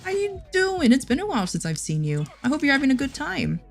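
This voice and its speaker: A woman's voice: high voice, very animated, fast talker, gravelly, faint music behind. Giggly woman chatting on stream. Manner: giggly, chatty, frequent restarts. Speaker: livestreamer reading chat. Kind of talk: casual stream chat.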